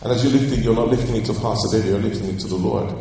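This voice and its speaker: A man with a lowish voice preaches from the front of a church, pressing each point hard and stretching out the lines he wants remembered. His voice rings through a big echoing hall, picked up from some distance, with a faint room hum underneath. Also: dark tone. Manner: emphatic, repeats key phrases slowly, calls for responses. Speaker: pastor. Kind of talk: preaching a sermon. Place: church sanctuary. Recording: echoey church hall, voice from afar.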